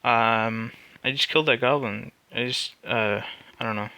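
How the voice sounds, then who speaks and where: A man's voice: mid-range voice, steady tone, normal speed, bright, forceful tone, dry recording. A man streaming live, reading a text adventure aloud and answering it with cocky, joking banter.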